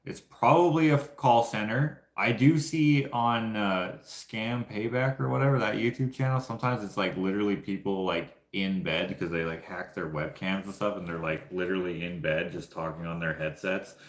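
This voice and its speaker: A man's voice: low voice, fairly even intonation, normal speed, hardly any pauses. A Canadian man telling casual, rambling stories to his viewers, laughing often. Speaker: YouTuber. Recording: echoey room.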